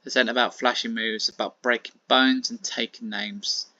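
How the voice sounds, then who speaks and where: Brief: tough male wrestler-coach, barking, bright-toned, read by a man, on a dull lo-fi track. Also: mid-range voice, fairly even intonation, normal speed, no room sound, close to an everyday voice. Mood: stern. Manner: barks instructions.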